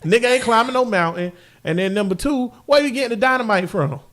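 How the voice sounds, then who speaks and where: High-voiced joking man. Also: lively intonation, quick pace. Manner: loud, joking, profane, breaks into laughter. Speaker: podcast co-host. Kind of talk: casual comedic chat.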